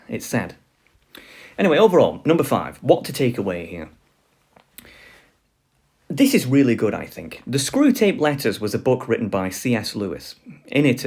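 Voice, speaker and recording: A man's voice: on the low side, a little mellow, husky. A man giving a casual spoken lecture, rambling with lots of fillers and asides.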